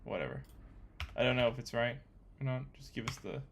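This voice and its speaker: Young man, casual coding commentary, thinking aloud, excitable, mid-pitched voice, faint keyboard typing behind. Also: fairly quick, creaky, slight background noise. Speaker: coding vlogger.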